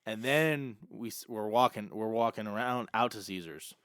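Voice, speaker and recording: A young man co-hosting a podcast, telling an animated story and acting out the dialogue in casual chat. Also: fairly low pitch, normal speed, smooth, no echo, clean studio sound. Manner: animated, acts out quoted dialogue. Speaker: podcast co-host.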